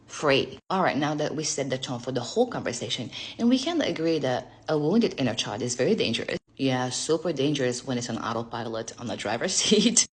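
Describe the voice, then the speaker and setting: A woman vlogger talking casually to camera, sassy and profane, teasing her viewers, laughing often and swinging between hushed asides and loud emphatic bursts. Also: very deep voice, very animated, a little fast, hardly any pauses.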